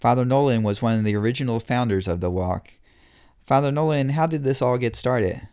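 A man hosting a radio talk show, asking measured, brief questions. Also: medium pitch, a little mellow, clean tone. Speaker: radio host. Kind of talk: radio interview.

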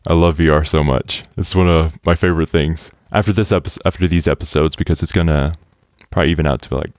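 Deep-voiced excitable young man. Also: fast talker, no echo. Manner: excitable, laughs often, many fillers. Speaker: podcast host. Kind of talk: casual chat.

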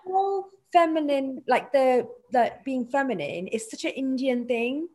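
A young woman co-hosting a casual podcast, animated and laughing, mimicking relatives' voices as she talks. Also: high voice, unhurried. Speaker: podcast co-host. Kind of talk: casual film discussion podcast.

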